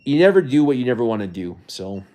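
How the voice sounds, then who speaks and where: A man's voice: medium pitch, sing-song, fast talker, warm tone. A man live-streaming from a rental home, talking casually to his viewers in a rambling way, often restarting his sentences, and at times getting emotional. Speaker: livestreamer.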